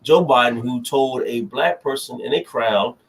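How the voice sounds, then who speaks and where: A man's voice: mid-range voice, unhurried. A young man co-hosting a podcast, ranting animatedly through heated political banter and cutting in with "hold on". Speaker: podcast co-host.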